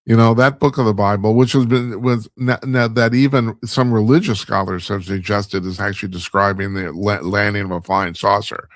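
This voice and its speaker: A man's voice: fairly low pitch, steady tone, moderate pace, few pauses, dry recording. A man hosting a talk show, delivering a rambling, wry monologue and laughing at his own stumbles. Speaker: radio talk show host. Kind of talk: casual monologue commentary.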